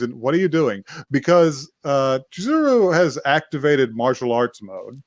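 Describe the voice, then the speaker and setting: A man at a mid-range pitch retells a story in a loose, meandering way, with frequent fillers and little restarts. He dips into quick impressions of the characters as he goes. The sound is dry and close, with no room around it. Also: sing-song, no room sound. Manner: rambling retelling with many fillers, acting out quoted lines. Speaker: podcast co-host. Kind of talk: casual episode recap.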